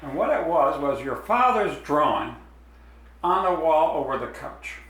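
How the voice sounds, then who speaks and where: A man's voice: fairly high pitch, lively intonation, a little slow, a bit bright, heavy reverb, recorded from a distance, poor audio. A man explaining step by step as he draws a design in a drawing demonstration. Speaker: art teacher.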